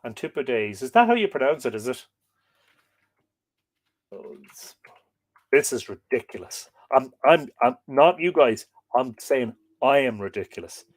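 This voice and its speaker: A man's voice: medium pitch, sing-song, a little slow, dry recording. A man hosting a live stream, reading a history book aloud and chatting with viewers' comments in a rambling, chatty way. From Ireland. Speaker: livestream host.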